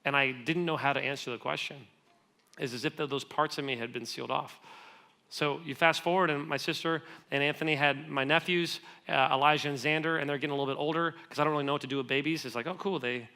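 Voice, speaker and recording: A man in his thirties preaches as a guest speaker in a church, telling personal stories in a relaxed, conversational way. His voice is bright and sits slightly high for a man. He pokes fun at himself and acts out the dialogue of the people in his stories. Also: vocal fry. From United States. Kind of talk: storytelling sermon. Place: church auditorium.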